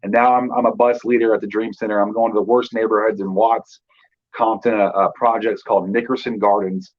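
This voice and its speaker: A man's voice: lowish voice, little pitch movement, fairly quick, lo-fi sound. A man in his thirties from Northern California, a guest telling his life story in loose casual talk with many fillers. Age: 30s.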